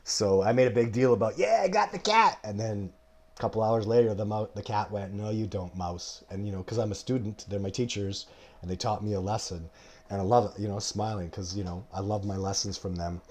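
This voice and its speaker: A man's voice: on the low side, level tone, brisk, warm tone, slight background noise. A man in his forties hosting a live show, answering viewer questions in an emphatic, rambling way and coughing now and then. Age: 40s. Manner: rambling, emphatic, goes off on tangents. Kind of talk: live-stream casual talk.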